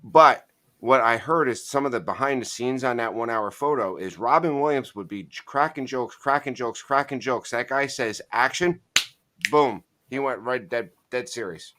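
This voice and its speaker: A man's voice: mid-range voice, moderate pace, bright, forceful tone, a little hiss or hum. A man chatting casually about movies, telling stories with emphasis.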